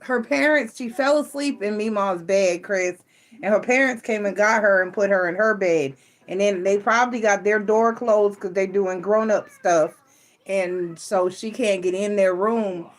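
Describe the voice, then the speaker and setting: A middle-aged woman giving a live tarot reading and chatting from home at night, playful and laughing often. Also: mid-range voice. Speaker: tarot reader.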